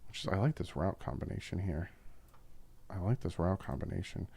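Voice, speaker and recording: Low-voiced man breaking down game film. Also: a little fast, creaky, husky. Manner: animated, opinionated fan commentary with frequent asides. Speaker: YouTube football film-study host.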